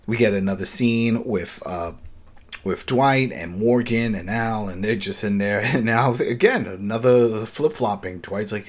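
A man hosting a podcast, recapping a TV episode in a casual, animated way, acting out characters' lines as he goes. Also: fairly low pitch, a little slow. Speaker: podcast host.

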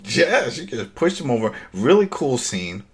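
Animated man retelling a show. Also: mid-range voice. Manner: animated storytelling, acting out scenes, quick laughs. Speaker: podcast host recapping a TV episode. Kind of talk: casual chat.

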